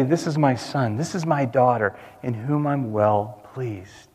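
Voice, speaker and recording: Earnest male pastor preaching in an echoing hall. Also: medium pitch. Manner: earnest preaching with repetitions and restarts. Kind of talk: sermon.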